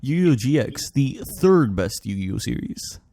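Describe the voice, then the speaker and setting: A man's voice: mid-range voice, big pitch swings, measured pace, gravelly, dark tone. A man co-hosting a casual podcast while drawing, rambling and laughing often. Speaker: podcast co-host.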